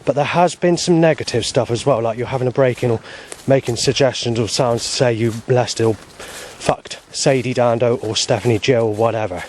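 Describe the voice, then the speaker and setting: A man's voice: medium pitch, fairly quick, a little mellow, a little hiss or hum. A man, rambling in an aggrieved personal monologue, swearing often and restarting his sentences. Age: 40s. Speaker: vlogger.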